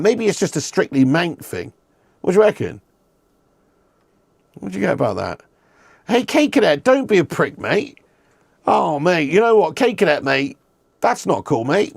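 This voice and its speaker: A man's voice: a little high, gravelly, a little mellow, no room sound. A man hosting a live football watch-along, chatting with viewers, swearing and laughing as he reads their messages. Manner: banters with chat, swears, laughs often. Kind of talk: casual live-stream chat.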